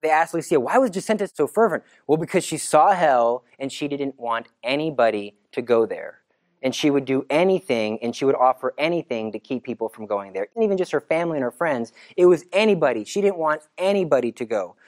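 A teacher retelling a religious story to listeners in a lively, dramatic way. The voice swings from loud, emphatic bursts to hushed asides. The pitch sits at a middle level. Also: fairly quick, no room sound.

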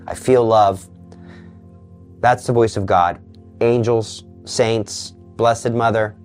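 A man giving an earnest Catholic teaching talk in a sermon style, dropping to a hush for quoted voices. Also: mid-range voice. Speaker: Catholic preacher.

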